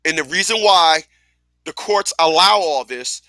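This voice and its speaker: High, bright-voiced man, blunt and emphatic. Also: animated, unhurried, no room sound. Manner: blunt, emphatic, profane, repetitive. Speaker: radio host. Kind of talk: casual talk radio monologue.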